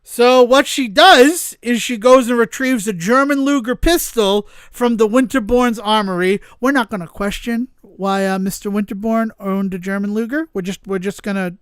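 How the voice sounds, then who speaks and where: High-voiced man recapping a movie. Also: normal speed, few pauses, clean tone, no room sound, studio quality. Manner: animated retelling, swears, acts out quotes, laughs. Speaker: podcast host. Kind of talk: casual movie recap chat.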